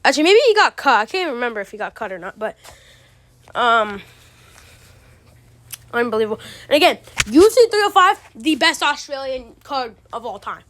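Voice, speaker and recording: A woman's voice: fairly high pitch, sing-song, brisk, long pauses, fairly bright tone. A woman giving casual, ranting commentary, exasperated and profane, full of slang. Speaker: MMA commentary channel host.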